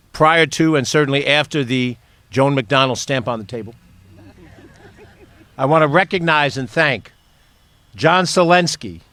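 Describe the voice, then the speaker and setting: A man's voice: a little high, a bit bright, no echo. A man, a county executive, speaking at an outdoor stadium ceremony, reading out and thanking a list of people. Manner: reads out names and thanks them. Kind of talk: ceremony speech.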